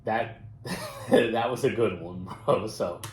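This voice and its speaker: A man's voice: fairly low pitch, slow, echoey room, heavy background noise. A man hosting a reaction video, chatting casually and laughing often at what he watches. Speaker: reaction channel host.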